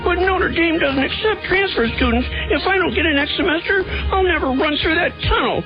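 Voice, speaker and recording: A man's voice: extremely high pitch, a little fast. An actor playing a dim, eager young man chasing a football dream, earnest and cheerfully naive, in a comedic radio play parody. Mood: glum. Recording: dull lo-fi recording with music behind.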